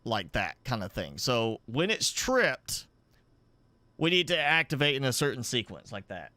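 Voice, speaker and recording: Slow, smooth-voiced man thinking aloud. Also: mid-range voice, sing-song, sharp tone, no echo. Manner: thinking aloud, halting and self-correcting. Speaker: streamer. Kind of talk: live gameplay commentary.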